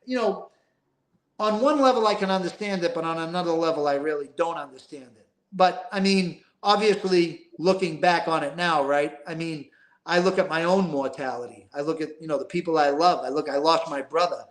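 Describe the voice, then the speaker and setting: Older man, rambling and emphatic, fairly high voice, roomy echo. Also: a little fast. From East Boston. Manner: emphatic, rambling, street-talking, profane. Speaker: guest. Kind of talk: casual interview storytelling.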